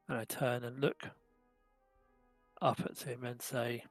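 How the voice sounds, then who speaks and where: A man playing a tabletop game, speaking quietly and low-key. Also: flat delivery, takes it slowly, pauses often, soft background music. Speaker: player.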